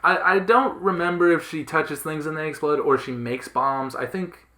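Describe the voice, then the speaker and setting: A man's voice: on the high side, moderate pace, bright, forceful tone. A man hosting a casual podcast chat, explaining things enthusiastically with lots of fillers and restarts. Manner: enthusiastic, rambling, many fillers. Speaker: podcast host. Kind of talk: casual chat about comics.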